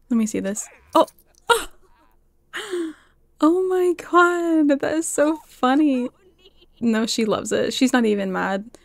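A chatty woman commenting on her game session as she plays, quick to gasp and laugh. Her voice sits a little high, with a gravelly fry running through it. The sound is close and dry, with almost no room around it. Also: dry recording. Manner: chatty, excitable, gasps and laughs often. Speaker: game streamer. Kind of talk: casual gameplay commentary.

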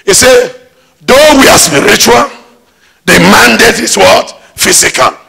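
A male pastor preaching in a church, driving his points home and firing questions at the congregation. His voice is high and bright, with a gravelly, husky grain. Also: expressive, measured pace. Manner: emphatic preaching with call-and-response questions. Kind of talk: sermon.

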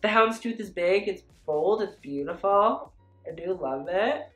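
A woman's voice: medium pitch, animated, a little slow, echoey room, faint music behind. A woman giving a casual fashion review, chatty and blunt, full of "like" and "you know". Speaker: fashion commentator.

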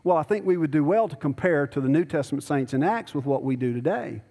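A man preaches from the pulpit, moving from easy conversational explanation to urgent, emphatic pleading. His voice sits fairly high for a man. The sanctuary around him rings with a long reverb. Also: expressive, quick pace, dark tone. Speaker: pastor. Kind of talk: sermon. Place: church sanctuary.

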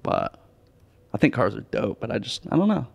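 A man's voice: on the low side, wildly swooping pitch, normal speed, vocal fry. A man hosting a podcast, chatting casually and jokingly, often trailing off with "I don't know". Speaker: podcast host. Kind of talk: casual chat.

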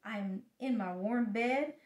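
An older woman voicing a grumpy, sleepy little male toad in a storybook, with a low grumbling voice. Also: unhurried, darkish tone, lightly acted. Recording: roomy echo, mic at a distance.

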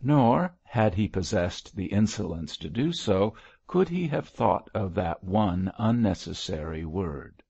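Brief: male audiobook narrator, low gravelly voice, slow measured delivery, dry dull sound. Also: lively intonation, darkish tone. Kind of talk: scripted narration.

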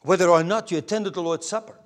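A man preaching a sermon as pastor, earnest, moving between raised emphasis and hushed near-whispers. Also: sits high, quick pace. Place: church pulpit.

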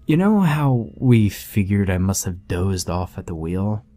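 A drowsy young husband, played by the narrator, speaking in a low, dark, slightly slurred voice. He sounds half asleep and easygoing. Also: sing-song, measured pace. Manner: sleepy, slurred, casual.

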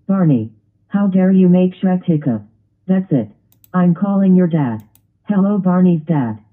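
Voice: mid-range voice, animated, a little slow. A computer voice doing a stern princess. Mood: scolding. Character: stern ogre princess wife. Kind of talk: text-to-speech grounded video. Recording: tinny phone-like lo-fi audio.

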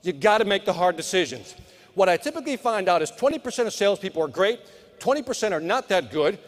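Quick and very animated, a middle-aged man with a voice that sits high gives a live sales keynote at a conference. He talks straight to the crowd with punchy motivation, and the large hall leaves a long reverb.

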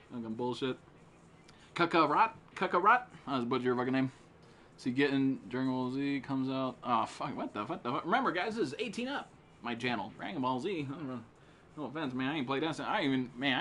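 Loud, profane young male streamer. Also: mid-range voice, slight background noise. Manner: profane, excitable, trash-talking, loud outbursts. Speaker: gaming streamer. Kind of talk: live gameplay commentary with friends.

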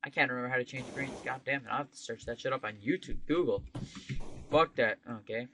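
A man giving casual, profane game commentary, swinging into sudden loud outbursts. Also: mid-range voice, a little fast, slight background noise. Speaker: gameplay commentator.

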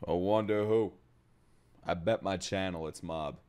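A young man hosting an anime reaction, talking casually, swearing and swinging between loud outbursts and low mutters. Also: measured pace, smooth. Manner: loud, excitable, swears, jumps between shouting and mumbling.

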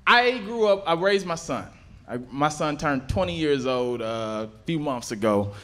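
A man's voice: fairly high pitch, animated, moderate pace, a bit bright, slight background noise. A man, doing a stand-up comedy set with stammering, laid-back storytelling. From southern United States. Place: comedy stage before a live audience.

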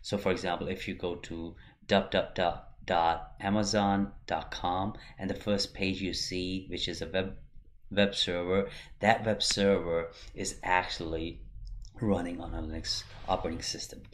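A man teaching an online course, talking through his slides in a plain, steady way with frequent fillers and restarts. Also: low-pitched, measured pace, a little hiss or hum. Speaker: course instructor. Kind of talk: lecture over slides.

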